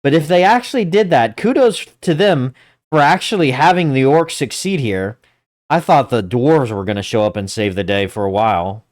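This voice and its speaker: A woman hosting a reaction video, talking excitedly, stammering in disbelief and laughing as she comments. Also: rumbling low, moderate pace. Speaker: channel host.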